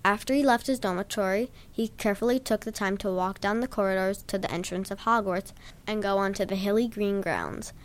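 A woman reading a story aloud in a plain, steady storytelling manner with a few stumbles. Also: medium pitch, brisk. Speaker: reader.

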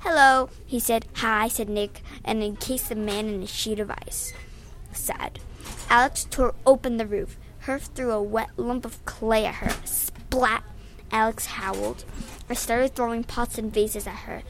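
A woman reading her own adventure story aloud, lively, raising her voice for the shouted lines, with small slips and restarts. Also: fairly high pitch, a little slow, slight background noise.

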